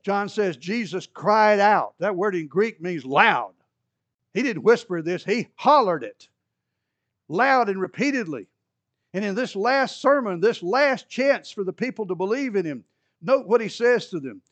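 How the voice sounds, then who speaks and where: A man preaching a sermon, animated, rising loud for emphasis and dropping low and quiet. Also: a little slow, dry recording, dull audio.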